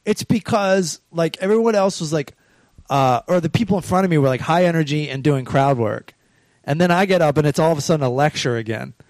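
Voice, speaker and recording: A man's voice: fairly high pitch, fairly quick, no room sound. A comedian telling casual stories about his gigs, swearing a lot and acting out the voices of people he quotes. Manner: animated, swearing, acts out quotes. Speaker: stand-up comedian on a podcast. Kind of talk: casual chat, storytelling.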